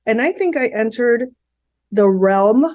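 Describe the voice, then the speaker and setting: A woman's voice: fairly high pitch, lively intonation, a little slow, darkish tone. A woman in her fifties, a podcast guest, talking earnestly and repeating phrases as she explains. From Miami. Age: 50s. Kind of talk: candid conversational interview.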